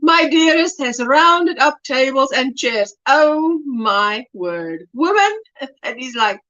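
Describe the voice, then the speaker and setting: A woman's voice: sits high, animated, unhurried, fairly bright tone, muffled recording. A woman hosting a casual livestream, bubbly and laughing often as she reads chat comments aloud. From South Africa. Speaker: livestream host.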